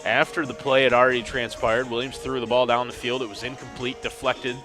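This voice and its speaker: Talking briskly over music with a flat delivery and medium pitch, this man commentates a semi-pro football game play by play. Confused refereeing draws his dry, wry asides.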